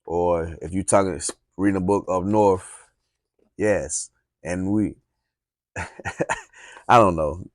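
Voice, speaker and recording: A man with a very deep voice and a Southern US accent gives relaxed, encouraging speaking tips. He rambles a little and says "um" now and then. The recording is dry and close, with no room sound. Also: measured pace, pauses often, no room sound. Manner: relaxed, encouraging, rambling with fillers and reading aloud. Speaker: speaking coach. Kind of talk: casual instructional talk.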